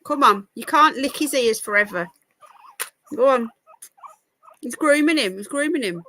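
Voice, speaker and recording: Woman on a livestream, baby-talking her pets, high and swingy voice. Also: expressive, normal speed, bright, forceful tone, a little hiss or hum. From United Kingdom. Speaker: livestream host. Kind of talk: casual live-stream chat with pets.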